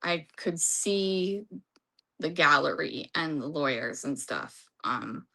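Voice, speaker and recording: A woman's voice: low voice, lively intonation, slow, gravelly, pushed and bright. A woman recapping a court trial in a casual, rambling way, reading from her notes and losing her voice. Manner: rambling, restarts, reads from notes.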